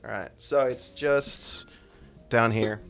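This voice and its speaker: A man's voice: medium pitch, steady tone, slow pace, fairly bright tone, soft background music. A man narrating as game master of a tabletop game, casual and swearing often.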